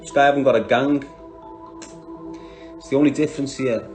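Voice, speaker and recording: A man's voice: medium pitch, steady tone, normal speed, darkish tone, soft background music. A man with a Liverpool Scouse accent, talking on a livestream, bluntly and combatively answering viewers by name. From Liverpool, England.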